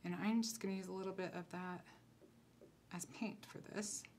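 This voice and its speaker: A woman's voice: lowish voice, normal speed, a little hiss or hum. A woman giving a casual craft tutorial, chatting and thinking aloud as she works at her table. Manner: chatty, relaxed, thinks aloud while working. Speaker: concept designer demonstrating crafts.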